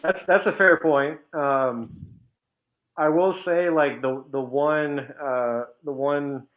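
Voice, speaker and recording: A man's voice: on the high side, fairly even intonation, slow. A man talking in a casual chat as a guest, blunt and candid, calling himself petty, over a remote call. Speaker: guest developer. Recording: tinny phone-like call audio.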